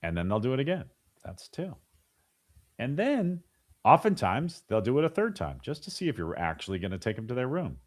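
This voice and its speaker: A middle-aged man guests on a podcast in a casual interview, speaking animatedly with frequent restarts and repeated words while acting out the voices of parents and kids. His mid-range voice swoops wildly in pitch, and he talks fairly quickly.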